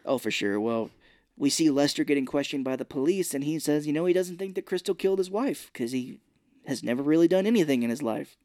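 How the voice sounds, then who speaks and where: A man's voice: fairly high pitch, lively intonation, brisk, darkish tone, no echo, clean studio sound. A man co-hosting a podcast, casually recapping a film's scenes and acting out the characters' lines. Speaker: podcast co-host. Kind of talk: casual movie recap chat.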